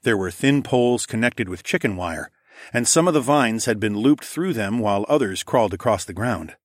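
A man with a lowish voice reads a first-person story aloud in a steady, plain way. The recording is dry and close, with no room sound. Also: normal speed, dry recording. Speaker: audiobook narrator.

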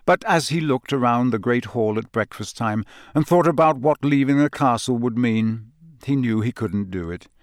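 In scripted narration, a male audiobook narrator reads with a steady, measured storytelling delivery. His voice is mid-range, and the recording is dry with clean studio sound.

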